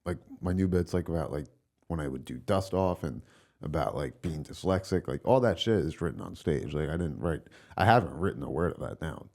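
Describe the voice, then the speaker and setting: A man's voice: very deep voice, animated, fairly quick, gravelly, darkish tone. A young man from Long Island, a stand-up comedian chatting as a podcast guest in a rambling, laid-back way, full of filler words and swearing. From Long Island, New York. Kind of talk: casual podcast chat.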